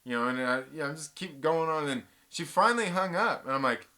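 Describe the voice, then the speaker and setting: A man hosts a laid-back live-stream chat, reading viewers' comments out loud and spinning rambling, animated stories full of restarts and mild swearing. His voice is somewhat high and his pace a little slow.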